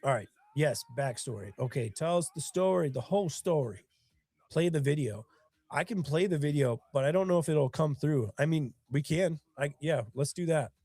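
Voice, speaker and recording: A man's voice: fairly high pitch, moderate pace, a little mellow, no echo. A man with bronchitis, sniffling as he hosts his own live stream in casual chat. He tells stories earnestly and emotionally, with a lot of rambling.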